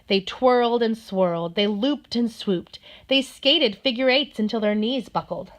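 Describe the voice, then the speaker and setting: A woman narrating a children's storybook in a gentle, steady manner. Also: fairly high pitch, measured pace. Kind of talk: storybook read-aloud.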